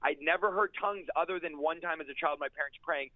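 A man with a somewhat high voice tells his conversion story with fervent intensity, piling phrase on phrase and repeating key lines for emphasis. The sound is dry and narrow, like a tinny phone line with no room around it. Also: no echo. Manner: intense, fast-paced storytelling with emphatic repetition. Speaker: guest preacher sharing a testimony. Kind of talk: fervent personal testimony in an interview.

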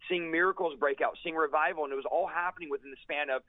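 A man's voice: fairly high pitch, fairly even intonation, no room sound. Fervent man telling his story over a tinny line. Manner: intense, fast-paced storytelling with emphatic repetition. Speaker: guest preacher sharing a testimony. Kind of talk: fervent personal testimony in an interview. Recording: tinny, dry phone-like line.

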